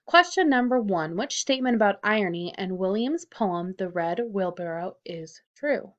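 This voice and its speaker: A woman's voice: medium pitch, animated, normal speed, lo-fi sound. Woman teacher explaining a lesson. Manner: clear, explanatory, reads out questions and answers. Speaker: high school teacher. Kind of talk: recorded lesson narration over slides.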